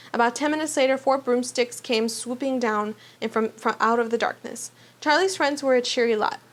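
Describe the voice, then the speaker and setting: A woman reading a children's novel aloud for a youth book club, with small slips and restarts, then asking trivia questions. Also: a little high.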